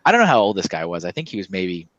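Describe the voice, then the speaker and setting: A man talks in a low register, spinning a casual story with animated turns and acted-out quotes. The sound is close and dry, with no room around it. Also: very fast, no echo, highs cut off. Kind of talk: casual chat.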